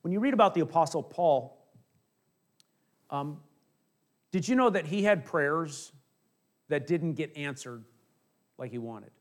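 A middle-aged male pastor preaching a conversational sermon, acting out little asides and dropping from emphatic to hushed. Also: on the high side, lively intonation, measured pace, long pauses.

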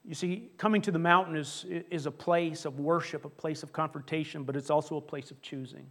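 A male pastor with a fairly high voice preaching in a church. He is animated and conversational, acts out what people said and often restarts his words. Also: a little fast. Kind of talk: sermon. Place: church sanctuary.

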